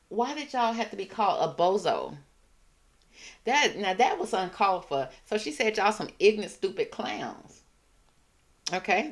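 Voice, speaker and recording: A woman's voice: fairly low pitch, fairly bright tone. A woman hosting a casual commentary show, reacting in a sassy, mocking way. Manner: sassy, mocking, drawn-out emphasis. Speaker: commentary channel host.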